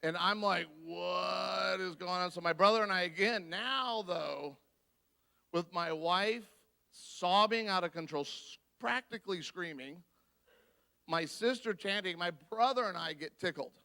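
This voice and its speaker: A man giving a guest sermon, telling a personal story in an animated way and acting out the voices of the people in it. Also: high voice, measured pace, gravelly. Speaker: guest speaker. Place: church.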